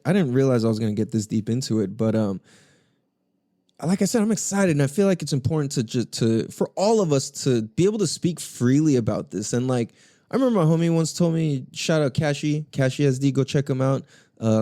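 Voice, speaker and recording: A man's voice: mid-range voice, dark tone, no echo, clean studio sound. A young man hosting a podcast, telling music stories in a loose, profane, enthusiastic way with lots of slang and laughter. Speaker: podcast host. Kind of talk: casual solo podcast talk.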